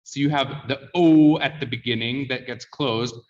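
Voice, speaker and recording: A man's voice: medium pitch, moderate pace, a little mellow. Distant, dull-sounding male diction coach. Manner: explains and quizzes the class, asks "yeah?" often. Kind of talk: teaching a class.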